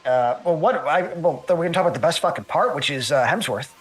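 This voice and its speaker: A man's voice: fairly high pitch, expressive, fast, breathy edge, soft background music. A man chatting casually as a podcast guest, rambling and swearing, often restarting his sentences. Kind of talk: casual chat.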